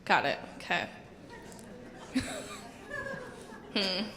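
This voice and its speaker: A woman's voice: on the low side, animated, very slow, crowd noise. A woman in the audience, hesitant and amused, unsure what question to ask. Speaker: audience member.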